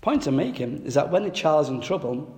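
A man preaching a sermon, telling a funny story from his boyhood with lively, self-mocking humor. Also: a little high, a little fast. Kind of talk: sermon with humorous personal anecdote. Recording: echoey hall with long reverb.

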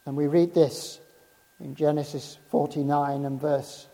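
A man preaching a sermon in a measured, emphatic way, dropping low and soft on key phrases. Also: little pitch movement. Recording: reverberant hall.

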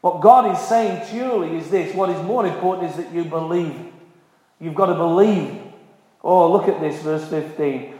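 A man's voice: fairly high pitch, moderate pace, a little mellow. A man preaching a sermon, earnest and emphatic, repeating key phrases for stress. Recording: very echoey hall with long reverb.

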